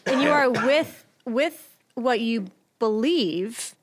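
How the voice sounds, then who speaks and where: A woman's voice: a little high, lively intonation, slow pace, no echo. A woman hosting a casual podcast conversation, talking in an easy, conversational way. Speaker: podcast host.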